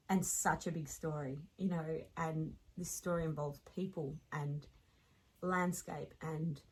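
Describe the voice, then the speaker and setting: A woman in her late thirties with an Australian accent, telling a lively personal story as a podcast guest and laughing along as she talks. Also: low-pitched, breathy edge, low-quality recording.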